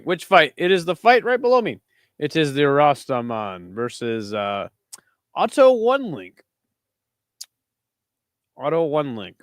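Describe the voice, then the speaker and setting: A man hosting a live watch-along of a kickboxing event. He talks casually and swears a lot, breaking into excited shouts at big moments. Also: medium pitch, smooth, dry recording, clean studio sound. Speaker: host.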